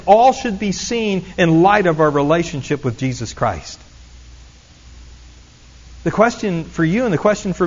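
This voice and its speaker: A man's voice: high voice, dull audio. A man preaching a sermon as pastor, earnestly teaching and repeating key phrases for emphasis.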